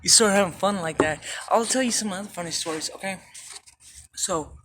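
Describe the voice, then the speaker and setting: A woman's voice: mid-range voice, fairly quick, a bit bright, slight background noise. Profane, laughing woman telling stories. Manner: profane, laughing, rambling anecdotes. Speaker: vlogger. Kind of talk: casual storytelling.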